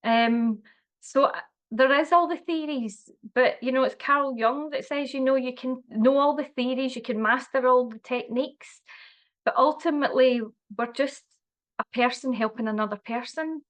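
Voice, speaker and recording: A woman speaks earnestly in a casual conversation. Her voice sits fairly high, and she often restarts her sentences. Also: normal speed. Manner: warm, earnest, with many fillers and restarts. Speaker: wellbeing guest.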